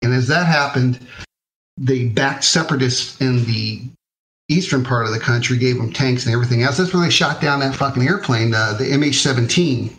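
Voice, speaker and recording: With slight background noise on a low-quality recording, a man from the United States who served in the army tells war stories on a podcast at a moderate pace. His mid-range, fairly bright voice carries a casual, profane, laid-back style with frequent fillers.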